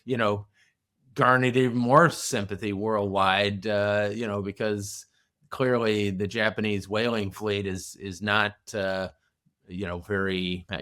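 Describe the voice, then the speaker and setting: Low-voiced male host, halting questions. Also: a bit bright. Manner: hesitant, many fillers. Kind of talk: interview questions.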